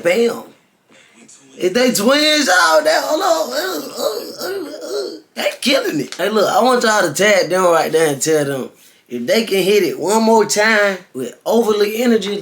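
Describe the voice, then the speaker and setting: A man hosting a casual reaction video, excitable and laughing, breaking into sudden shouted exclamations. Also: high-pitched, creaky.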